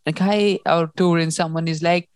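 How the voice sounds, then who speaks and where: A young woman in casual book chat, animated and laughing often as she acts out lines. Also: fairly low pitch, moderate pace, clean tone, no room sound. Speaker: book discussion host.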